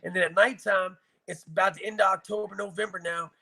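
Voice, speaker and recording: Man, gravelly voice, bright edge, blunt and profane, casual interview storytelling. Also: sits high, steady tone, a little fast. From Virginia, US. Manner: blunt, profane, emotional retelling. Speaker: guest telling his life story.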